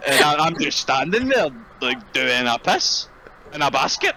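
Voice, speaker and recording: A man's voice: a little high, lively intonation, normal speed, background noise. A young man, co-hosting a casual podcast and telling crude, rambling stories. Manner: rambling, laughing storyteller with crude humor. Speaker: podcast co-host. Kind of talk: casual chat.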